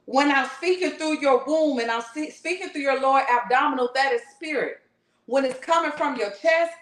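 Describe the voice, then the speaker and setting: A woman with a high voice delivers a fervent spiritual workshop talk. She speaks in blunt, slangy street talk and swears freely. The recording has a roomy echo. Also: fairly bright tone. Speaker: spiritual teacher.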